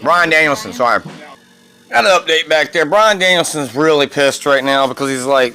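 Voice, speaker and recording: A man hosting a casual wrestling review podcast, rambling excitedly and swearing freely as he reacts. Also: on the high side, moderate pace.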